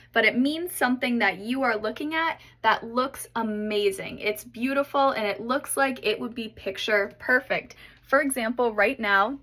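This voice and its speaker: A woman's voice: a little high, fairly bright tone. A woman from Texas with a Southern accent, explaining English words in short lesson clips. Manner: clear, explanatory. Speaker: English teacher. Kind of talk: short English-tip reels.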